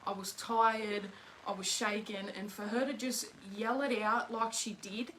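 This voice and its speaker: Young woman, mid-pitched voice, earnest and emotional storytelling, faint room noise. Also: steady tone, measured pace, fairly bright tone, low-quality recording. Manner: earnest, emotional, retelling dialogue. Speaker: guest, host's daughter. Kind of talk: casual personal storytelling.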